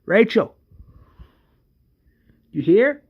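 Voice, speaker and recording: A man voicing an older male farmer who calls loudly for his daughter and then breaks into wailing sobs. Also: high-pitched, slow, dull audio. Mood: calling cheerfully.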